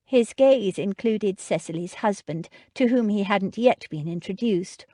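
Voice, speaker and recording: A woman narrating an audiobook in an expressive, measured way. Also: mid-range voice, no echo, clean studio sound. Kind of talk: scripted narration.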